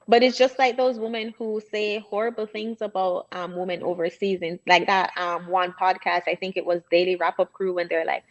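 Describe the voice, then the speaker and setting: A woman's voice: fairly low pitch, steady tone, moderate pace, hardly any pauses, highs cut off. A woman guest on a casual podcast, assertive and matter-of-fact, laying out her arguments in reasoned steps over a remote call.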